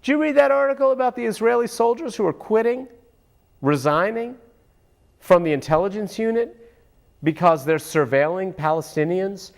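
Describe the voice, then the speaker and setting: A man's voice: on the high side, gravelly. A man ranting sarcastically in political commentary, often turning aside to address an unseen listener.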